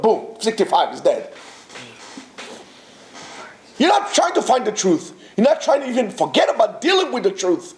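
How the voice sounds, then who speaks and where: A man teaching a Torah class to students, animated and full of rhetorical questions and restarts. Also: very high-pitched, moderate pace, long pauses, echoey room. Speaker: yeshiva teacher.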